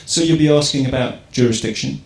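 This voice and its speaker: A man's voice: medium pitch, a little fast. A man from England gives an informal talk to a live audience, asking rhetorical questions and checking in with the crowd as he goes. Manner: conversational, rhetorical questions, keeps checking in with "right?". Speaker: public speaker. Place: event hall. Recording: echoey hall with faint ambience.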